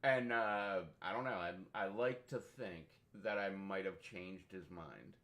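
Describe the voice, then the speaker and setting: A man's voice: sits low, measured pace. A young man streaming a game, chatting casually and rambling through stories, swearing freely and laughing often. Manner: profane, laughs often, animated storytelling. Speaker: gaming streamer.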